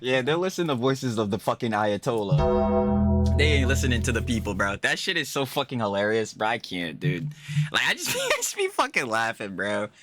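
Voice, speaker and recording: A young man hosting a reaction stream, cursing heavily in slang-filled, excitable commentary and breaking into laughter. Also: medium pitch, moderate pace, faint music behind. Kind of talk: profane comedic reaction commentary.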